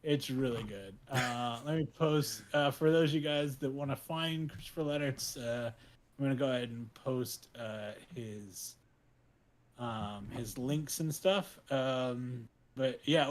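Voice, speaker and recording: A man co-hosting a podcast, telling stories in an excitable, rambling way, full of fillers and restarts. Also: medium pitch, a little slow. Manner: excitable storytelling, many fillers and restarts, laughs often. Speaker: podcast co-host. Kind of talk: casual chat.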